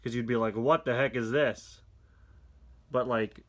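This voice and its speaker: Bright-voiced man roasting a comic. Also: medium pitch, steady tone. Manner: sarcastic, exasperated critique; reads captions aloud in quick put-on voices. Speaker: toy reviewer. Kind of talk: casual comic book review.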